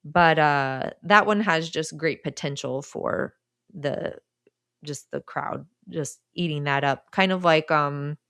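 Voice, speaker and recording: Lively woman telling improv stories. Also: deep voice, slow, clean tone, no echo, studio quality. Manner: animated, laughing storyteller. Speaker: improv performer, guest. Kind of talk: casual conversation.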